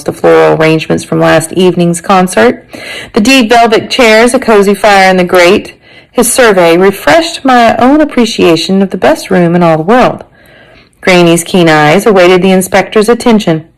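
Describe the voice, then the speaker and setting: A woman teacher reading a chapter book aloud to her class, expressive and chatty, with asides to her listeners. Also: fairly low pitch, low-quality recording.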